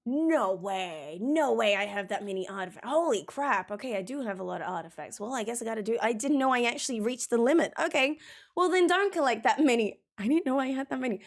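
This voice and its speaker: A young woman streaming a video game, chatting excitably and reacting out loud as she plays. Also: fairly high pitch, brisk. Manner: chatty, laughs easily, excitable. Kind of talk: live game stream commentary. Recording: stream mic with faint game music.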